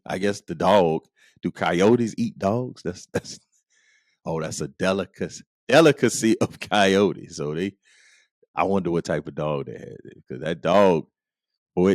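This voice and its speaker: A man's voice: low voice, a little slow, no room sound. A middle-aged man hosting a podcast, joking through a comedic monologue with playful asides and frequent laughter. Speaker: podcast host.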